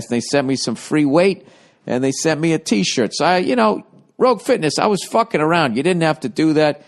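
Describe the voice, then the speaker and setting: A man's voice: a little high, normal speed. A man hosting his podcast, rambling through a profane, self-mocking monologue in casual chat. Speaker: podcast host.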